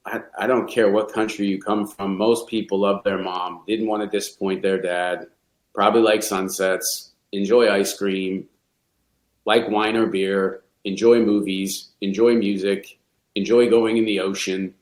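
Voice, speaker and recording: A man's voice: on the low side, flat delivery, unhurried. A middle-aged man, a golf coach, speaking candidly and reflectively in a podcast interview, often restarting his sentences. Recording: roomy echo.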